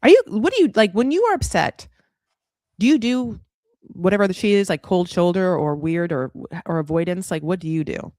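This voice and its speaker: A woman hosting a casual recap podcast, chatty and gossipy, quick to act out the people she discusses. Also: lowish voice, expressive, dark tone, dry recording, studio quality. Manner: chatty, gossipy, acts out the cast in quick voices. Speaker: podcast host recapping a reality show. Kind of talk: casual chat.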